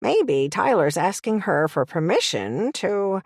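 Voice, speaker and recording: A woman's voice: medium pitch, very animated, slow pace, breathy edge, no room sound, clean studio sound, heavily acted. A woman voicing a bossy, smug elderly witch aunt with a taunting, sing-song manner, in an audiobook.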